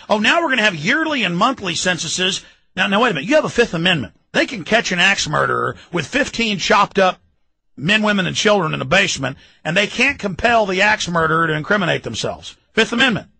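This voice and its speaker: Ranting Texan male radio host, high gravelly voice, mocking and loud. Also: dry recording, rough recording. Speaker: radio talk show host. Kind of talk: fired-up political rant.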